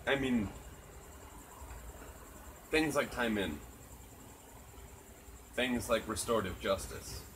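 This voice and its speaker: A man's voice: mid-range voice, takes it slowly, pauses often, noisy background. A man in casual chat, talking earnestly and reflectively and swearing freely, outdoors at night. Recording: crickets chirping loudly behind.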